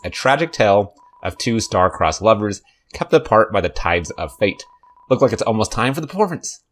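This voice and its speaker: Low-pitched male let's-play host, sarcastic casual commentary. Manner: jokey, sarcastic running commentary.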